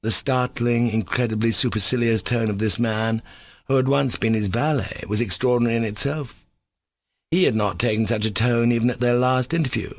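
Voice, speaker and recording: Male audiobook narrator, low pitch, dry close mic, measured steady delivery. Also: no room sound. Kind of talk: scripted narration.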